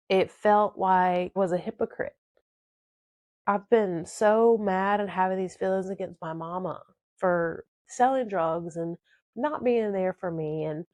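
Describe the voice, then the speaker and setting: A woman's voice: mid-range voice, darkish tone, no echo. A woman, emotionally and dramatically telling a personal story on her podcast.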